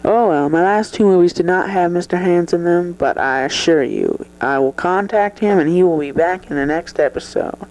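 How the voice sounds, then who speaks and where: A performer playing a foul-mouthed male movie star with a high voice who swears constantly and keeps saying "man". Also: normal speed, few pauses, a little mellow, close to an everyday voice, low-quality recording. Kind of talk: improvised comedy sketch interview.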